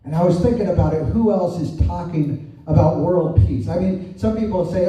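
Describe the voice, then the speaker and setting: Echoey preacher, dark distant voice. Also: male voice, high voice, normal speed. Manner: conversational, asks rhetorical questions, frequent "right?". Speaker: pastor. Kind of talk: sermon. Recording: echoey distant room sound.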